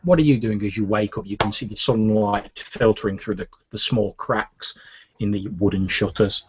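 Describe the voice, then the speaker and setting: A man's voice: fairly low pitch, moderate pace, breathy edge, muffled recording. A man narrating a tabletop game as game master, describing scenes with frequent restarts.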